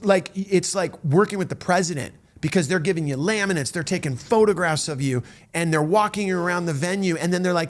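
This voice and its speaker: A middle-aged man telling a story in a casual, animated way, with many restarts and acted-out quotes. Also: fairly high pitch, fast. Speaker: storyteller recounting a tour.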